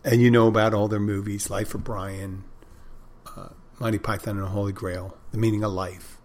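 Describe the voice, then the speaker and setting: A man's voice: lowish voice, level tone, moderate pace, a little mellow, a little hiss or hum. A man hosting a show, talking to his listeners in a casual, meandering monologue that often stops to correct itself and lose its thread. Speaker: podcast host.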